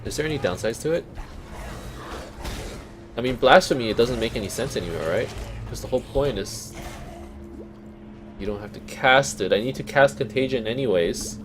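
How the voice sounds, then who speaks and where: A young Canadian man with a Canadian accent gives casual gameplay commentary. His pitch jumps around a lot as he thinks aloud, and he swears now and then, with faint music behind him. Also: animated, normal speed, pauses often. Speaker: let's play host.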